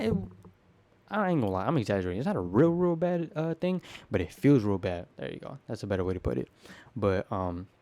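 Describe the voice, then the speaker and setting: A teenage boy spills his story straight to the camera at a quick clip, full of slang and swearing. His voice is warm and dark. He keeps it loose and animated, jumping from point to point. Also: medium pitch, no echo. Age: teens. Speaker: teen vlogger. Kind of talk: casual rambling monologue to camera.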